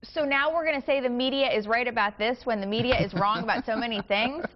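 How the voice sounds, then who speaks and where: A woman's voice: on the high side, quick pace. A woman co-hosting a TV show, reading and riffing on odd stories in a sarcastic, playful way. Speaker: morning show co-host. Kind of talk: casual news banter. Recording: dull lo-fi broadcast audio with faint music.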